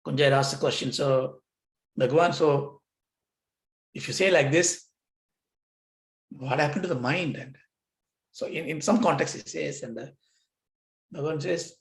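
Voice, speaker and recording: Man teaching in an echoey room. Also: on the high side. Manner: plays out dialogues with himself in questions and answers. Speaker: yoga philosophy teacher. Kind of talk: lecture on scripture. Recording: roomy echo.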